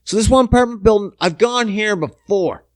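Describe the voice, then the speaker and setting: Guy in his 30s telling a crude funny story on his podcast, kinda high voice, super dry sound. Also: brisk, no echo. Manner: animated, crude, self-mocking. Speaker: podcast host. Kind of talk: profane comic storytelling.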